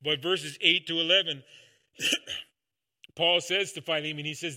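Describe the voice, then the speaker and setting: A man preaching a sermon in an earnest way, dropping soft and low at times and rising loud for emphasis. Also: fairly even intonation, measured pace, pauses often. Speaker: pastor.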